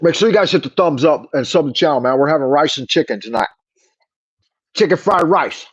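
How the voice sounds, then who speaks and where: A man's voice: on the high side, expressive, brisk, slightly rough, poor audio. A middle-aged man with a Californian accent, rambling and swearing in an opinionated livestream chat. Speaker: livestream host.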